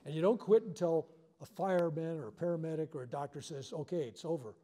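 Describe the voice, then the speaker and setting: Animated older male storyteller, mellow voice. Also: fairly high pitch, fast. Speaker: reverend leading a healing workshop. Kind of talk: storytelling talk to a live audience. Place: workshop hall.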